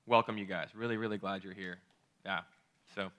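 A pastor. His voice is bright and forceful, and his delivery is earnest and excitable. He often starts a phrase twice before carrying on. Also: low-pitched, fairly quick. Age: late 30s. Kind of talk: sermon.

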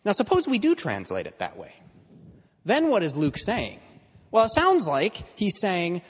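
A man's voice: sits high, wildly swooping pitch, measured pace, breathy edge, in a large hall. A man teaching an in-person class in a conversational lecture style, checking in with his students as he explains.

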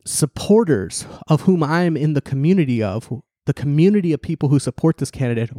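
A man co-hosting a casual political podcast, ironic and animated, restarting sentences and mocking the people he quotes. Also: a little fast, no echo, studio quality. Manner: animated, ironic, restarts and leaps in pitch for emphasis. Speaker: podcast co-host.

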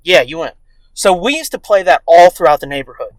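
A man's voice: fairly high pitch, brisk, dry recording. A man co-hosting a casual podcast, telling profane stories and acting out the people in them. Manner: profane, animated, acts out quoted voices. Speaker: podcast co-host. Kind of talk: casual crude storytelling.

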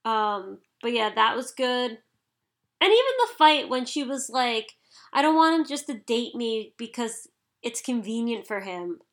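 Bubbly high-voiced woman co-host. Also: a little slow. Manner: bubbly, excitable and giggly. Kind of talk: casual chat about anime.

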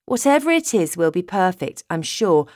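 A woman voicing an excitable, cheeky young woman with a London accent who blurts and giggles in a high voice. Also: normal speed, dry recording, studio quality. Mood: sincere.

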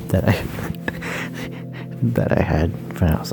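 A young man makes a joking amateur ASMR video, his low-pitched, gravelly voice moving at a moderate pace with long pauses. He rambles and stammers, swearing often and mocking himself. Music plays loudly behind him.

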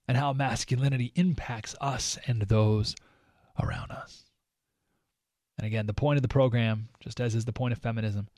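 A man hosting a talk radio show, delivering an opinionated monologue in an animated, sarcastic way with mocking asides. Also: medium pitch, no echo, studio quality.

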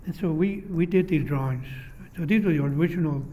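An older man, a retired architectural designer, being interviewed for an oral history and telling rambling, animated stories from his career. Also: fairly high pitch, fairly quick. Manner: rambling, animated storyteller who acts out quoted dialogue.

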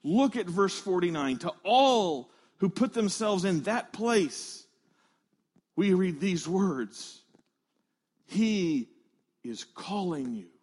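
A man preaching a sermon, earnest and emphatic, leaning on slow, stressed phrases. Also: high-pitched, lively intonation, darkish tone. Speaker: pastor.

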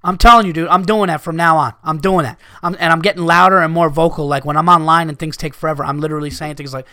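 A man's voice: on the high side, fairly even intonation, fast, hardly any pauses, bright, forceful tone, no room sound, clean studio sound. Profane, exasperated man ranting. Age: adult with young children. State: recovering from illness. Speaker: podcast host. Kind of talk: ranting monologue to listeners.

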